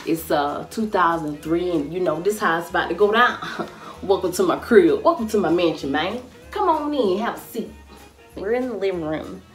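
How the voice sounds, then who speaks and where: Woman, late 20s, playful chatty vlogger, lowish voice, faint music under her. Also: expressive, moderate pace. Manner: chatty, playful, addresses viewers as y'all and baby. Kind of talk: casual home-tour vlog. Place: her living room at home. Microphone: handheld camera with ring light, moving around.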